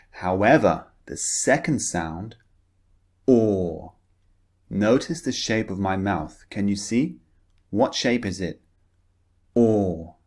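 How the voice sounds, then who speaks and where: Very slow, deep-voiced male teacher. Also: darkish tone. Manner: slow, deliberate, drawn-out vowel demonstrations. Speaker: English pronunciation teacher. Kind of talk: lesson with repeat-after-me drills.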